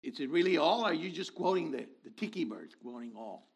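A man in his sixties preaching a sermon, animated, dropping to low asides and rising to loud exhortation. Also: a little fast, gravelly, few pauses.

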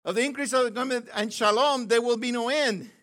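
An older man teaching from the Bible in an excited, exclamatory way, with bursts of shouting. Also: very high voice, fast. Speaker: preacher.

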